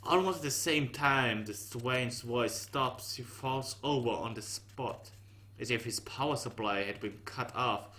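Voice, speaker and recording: A man reading a visual novel aloud in slow, measured narration with dry asides. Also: medium pitch, pushed and bright, slight background noise. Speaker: game reader.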